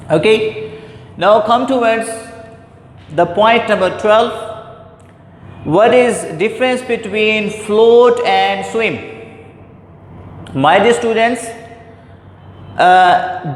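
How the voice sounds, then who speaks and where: A man teaching a grammar lesson, repeating points and calling his class "my dear students". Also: high voice. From Pakistan. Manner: repetitive, deliberate, addresses "my dear students". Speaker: English teacher. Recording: echoey hall with faint background noise.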